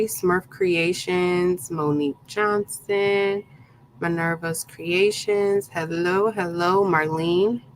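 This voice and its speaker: A woman with a fairly low voice hosts a live craft tutorial, chatting casually and greeting viewers by name one at a time, with lots of ums. The recording is rough, with a bit of hiss or hum.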